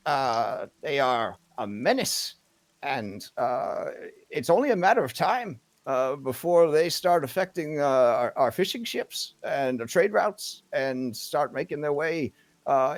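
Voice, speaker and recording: Brief: earnest woman official, as a man puts her on, a bit higher than his own voice, dry sound, tabletop game. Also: dry recording. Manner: earnest, repetitive, persuasive.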